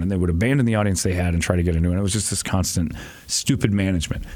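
A man's voice: sits low, rapid-fire, a little mellow. A middle-aged man, a radio host, telling rambling, profane, self-deprecating stories in casual chat.

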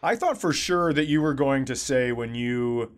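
A man co-hosting a podcast, chatting casually with quick reactions and laughing. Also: mid-range voice. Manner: chuckling, short reactions and jokes. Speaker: podcast co-host. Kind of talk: casual chat.

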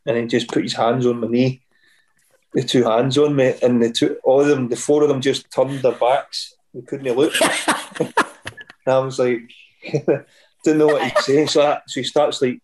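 A man's voice: medium pitch, steady tone, normal speed, a little mellow, slight background noise, poor audio. A middle-aged man with a Scottish accent, a podcast guest telling rambling stories and acting out the other people's voices. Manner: rambling anecdotes, acts out quoted voices. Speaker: guest, former footballer. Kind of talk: podcast storytelling.

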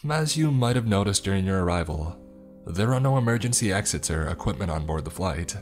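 A man's voice: deep voice, animated, a little fast, faint music behind. A man voicing an overly chipper female flight attendant who makes announcements in a sing-song way.

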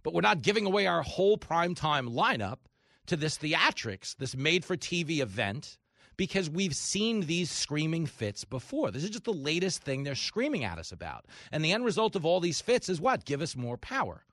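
A sarcastic male talk radio host with a high, gravelly voice that swings widely in pitch. His tone is bright and pointed, and he mocks his targets with exaggerated voices. The studio sound is dry and close. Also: very animated, moderate pace, no room sound. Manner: sarcastic, mocks opponents in shrill mimicking voices. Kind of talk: opinionated monologue.

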